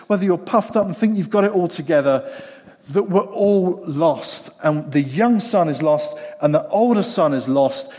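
High-voiced man preaching in a hall. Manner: conversational, repeats phrases for emphasis. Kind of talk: sermon. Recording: long hall reverb.

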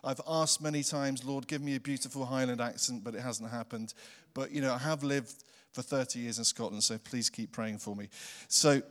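A middle-aged English man preaching a sermon, recovering from a virus, animated and jokey with sudden loud emphasis. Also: medium pitch, normal speed. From England. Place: church. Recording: long church reverb.

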